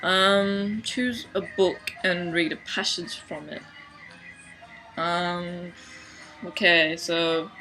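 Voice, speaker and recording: A young woman from Sydney with an Australian accent, talking casually to her camera in a deadpan, dry way. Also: fairly low pitch, poor audio. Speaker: vlogger. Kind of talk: casual accent-challenge video.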